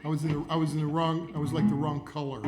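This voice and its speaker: An older man, a songwriter and musician, telling stories in a relaxed, chuckling way in casual conversation. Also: on the high side, fast talker. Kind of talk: casual storytelling chat.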